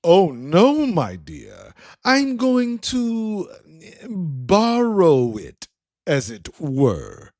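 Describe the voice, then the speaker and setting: A man playing a pompous blue alien gentleman thief. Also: fairly high pitch, wildly swooping pitch, extremely slow, no room sound, studio quality, pitched above the performer's own voice, heavily acted. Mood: haughty. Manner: theatrical, condescending, says "my dear".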